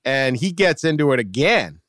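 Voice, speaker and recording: A man telling a personal story in casual podcast chat, laid-back and rambling, and louder when he reaches the punchlines. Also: medium pitch, sing-song, normal speed, no echo, studio quality.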